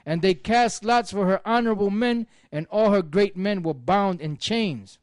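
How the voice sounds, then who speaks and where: A man reading a long scripture passage aloud in a steady, declamatory way. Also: sits high, normal speed, clean tone, no room sound. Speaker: scripture reader in a religious group.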